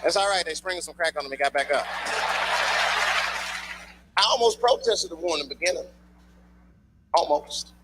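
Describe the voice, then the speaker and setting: A man doing stand-up in a live club, his voice pitched high and leaping all over the place. He tells a loose, profane story and shouts his punchlines. The recording carries plenty of noise from the room. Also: animated, moderate pace, pauses often. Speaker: stand-up comedian. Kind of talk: stand-up comedy routine. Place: comedy club stage before a live audience.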